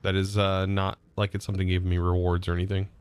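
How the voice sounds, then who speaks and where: A man's voice: low voice, monotone, fast talker, clear, resonant tone. A man with a Southern US accent chatting casually on a live game stream, reading chat aloud and laughing often.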